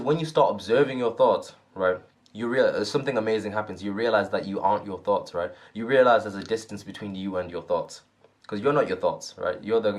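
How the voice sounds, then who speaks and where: A man gives an earnest motivational talk in a casual, conversational way. His voice sits on the low side, and he keeps checking in with listeners by asking "right?". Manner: earnest, repetitive, often asks "right?". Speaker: self-help vlogger.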